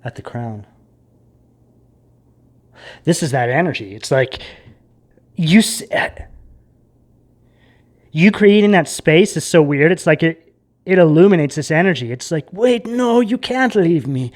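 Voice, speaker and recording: A tarot reader giving a casual, rambling reading to camera, full of fillers and tag questions, sometimes dropping to a hushed mutter. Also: mid-range voice, animated, a little slow, pauses often.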